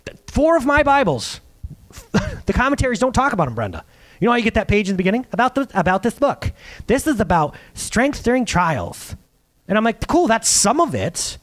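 A man preaching in a casual, conversational way, his voice sitting high and leaping up and down with emphasis. He acts out the quotes he reads. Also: big pitch swings, brisk, fairly bright tone. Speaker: pastor. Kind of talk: sermon.

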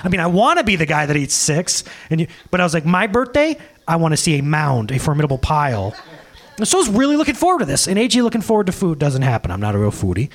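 A man preaching a sermon, telling a jokey family story with quick asides and laughs. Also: fairly high pitch, huge pitch swings. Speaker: pastor.

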